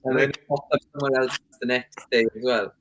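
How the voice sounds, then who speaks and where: A man talking casually as a podcast guest, relaxed and self-deprecating. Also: mid-range voice, fairly quick, slight background noise, rough recording. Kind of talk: casual chat.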